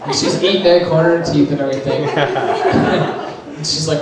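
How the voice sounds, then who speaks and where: A young man, a youth leader, telling a casual story to a group, animated and laughing as he talks. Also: a little high, brisk, a loud crowd. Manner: animated, laughing through his own story. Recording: echoey room, distant mic, background noise.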